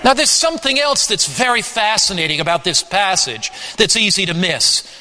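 A high, very bright male voice delivers a sermon at a slow, deliberate pace. He preaches with emphatic, dramatic swings of pitch. The sound carries a long reverb, as in a large church sanctuary. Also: expressive.

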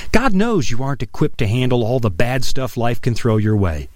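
A middle-aged man preaching an earnest, emphatic radio sermon, dropping his voice low on key phrases. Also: big pitch swings, normal speed, few pauses, a little mellow, dry recording. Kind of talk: broadcast sermon.

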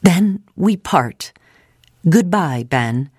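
A woman's voice: medium pitch, huge pitch swings, normal speed, darkish tone, no room sound, studio quality, voice pushed up. A woman reading aloud, voicing a hurt young woman who speaks abruptly, with a trembling voice.

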